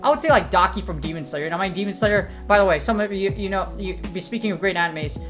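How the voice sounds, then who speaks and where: An excitable woman streamer talks through her matches in loose, rambling game commentary, jumping between tangents and slang. Her voice sits at an ordinary middle pitch, and soft music plays faintly underneath. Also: quick pace. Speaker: gaming streamer.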